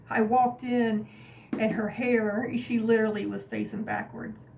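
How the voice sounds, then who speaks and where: A woman vlogger telling a personal story in a chatty, animated way, with many fillers and some laughter, from her craft room at home. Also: a little high, slow pace, creaky, a little hiss or hum. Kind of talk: casual storytelling to camera.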